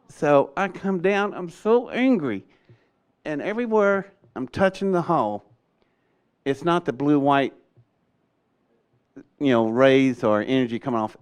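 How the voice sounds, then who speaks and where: An older man, telling a story in an animated way and acting out the voices in his quotes. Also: medium pitch, smooth. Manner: acts out voices in quotes, excitable, laughs often. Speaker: storyteller recounting an experience.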